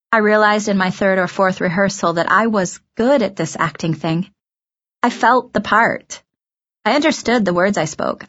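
A woman reads a first-person audiobook in a measured, reflective way. Her voice sits at a middling pitch. The recording is muffled and slightly lo-fi. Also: fairly bright tone. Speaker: audiobook narrator.

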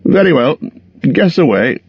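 A man voicing a small, nervous male hobbit in an audiobook, speaking higher and strained as he tries to sound bold. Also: big pitch swings, a little slow, breathy edge, no echo, dull audio. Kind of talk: audiobook character voice.

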